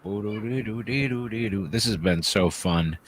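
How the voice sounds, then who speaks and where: A man's voice: on the low side, moderate pace, slight background noise. A man co-hosting a casual chat who drops teasing, joking asides. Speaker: podcast co-host.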